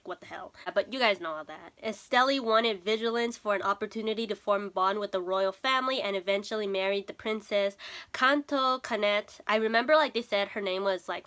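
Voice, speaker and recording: A chatty young woman with a bright, fairly high voice recaps an anime episode. Her talk is casual and loose, full of fillers and quick laughs. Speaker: anime reaction vlogger.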